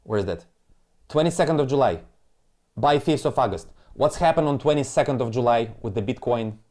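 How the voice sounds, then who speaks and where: A man's voice: mid-range voice, expressive, a little fast, a little mellow. Man ranting angrily on a crypto stream. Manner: angry, profane, repetitive ranting; broken, non-native English phrasing. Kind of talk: live stream chart commentary.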